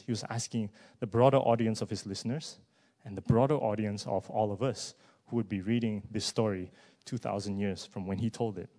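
Preaching a sermon in a fairly low-pitched voice, a man poses one rhetorical question after another. He swings from quiet, hushed phrases to loud, climbing emphasis.

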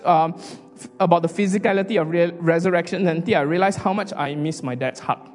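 A man preaching an emotional sermon as a pastor, earnest and halting, often restarting his sentences. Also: a little high, darkish tone, big-room sound, soft background music. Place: hall.

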